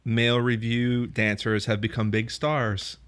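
A man's voice: mid-range voice, level tone, a little slow, a bit bright. A man hosting a podcast, reacting enthusiastically in casual interview chat. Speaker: podcast host.

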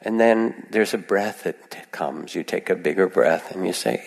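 Male meditation teacher, gentle and reflective; very low gravelly voice, long hall reverb. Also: normal speed, few pauses. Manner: gentle, reflective, with soft acted asides. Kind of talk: dharma talk.

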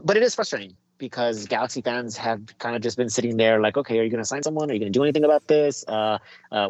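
A man's voice: medium pitch, fairly bright tone, no echo, lo-fi sound. A man co-hosting a casual soccer talk show, rambling with many ums and restarts. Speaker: podcast co-host.

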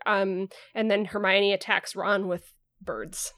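A woman's voice: mid-range voice, fairly even intonation, moderate pace, sharp tone, no room sound. Chatty woman recapping, dry sound. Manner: rambling, filler-heavy, lots of "like" and "um". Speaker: podcast host. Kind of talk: casual chapter recap.

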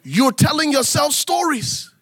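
A man preaching a sermon in an animated, folksy way, turning to the congregation and acting out little scenes. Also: very high-pitched, unhurried. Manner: animated preaching with acted asides; folksy, addresses congregation as y'all. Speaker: pastor.

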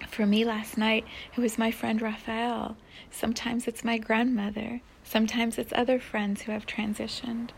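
A woman hosting a spiritual podcast, talking in a soft, dreamy way that often sinks into a breathy whisper. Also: on the high side, slight background noise. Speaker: podcast host.

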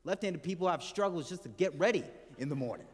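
Guy preaching to his church, talks to the crowd, trails off soft at the end of lines, big hall echo. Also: lively intonation, fast talker, husky. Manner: conversational, asks the congregation questions; drops to a soft low voice at the end of phrases. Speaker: pastor. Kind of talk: sermon. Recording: hall reverb from the room.

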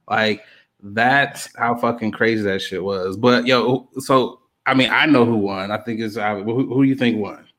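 Animated man, slangy and profane. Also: on the low side, normal speed. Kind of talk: casual chat about a music event.

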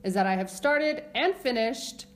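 A woman co-hosting a podcast in casual chat, teasing and quick-witted. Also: fairly high pitch, animated. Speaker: podcast co-host.

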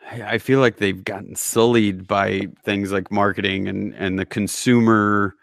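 A man in casual podcast conversation, rambling and animated, laughing at himself. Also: on the low side, unhurried, creaky, no echo, studio quality.

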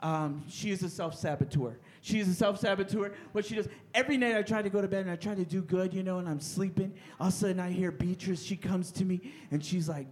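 Loud, high-pitched comedy club host. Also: male voice, a little fast. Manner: loud, animated, self-mocking. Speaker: comedy show host and comic. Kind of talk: live stand-up comedy. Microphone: handheld stage mic.

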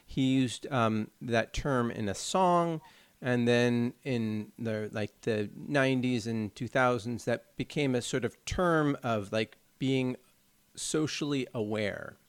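A man's voice: medium pitch, takes it slowly, smooth, no room sound. A man co-hosting a podcast in casual chat, earnestly explaining things at length. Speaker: podcast co-host.

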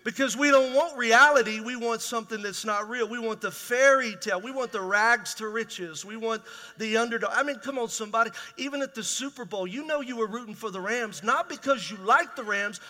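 A middle-aged man preaching in a big hall, his bright, high voice carrying a long reverb. He talks raw and plainly, tossing rhetorical questions to the congregation. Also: brisk. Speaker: pastor. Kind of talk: sermon.

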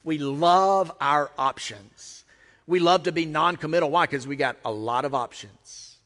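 A man's voice: on the high side, unhurried, a bit bright. A man with an American accent preaching a sermon as a pastor, talking conversationally with emphatic repetition. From United States. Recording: long reverb of a large hall.

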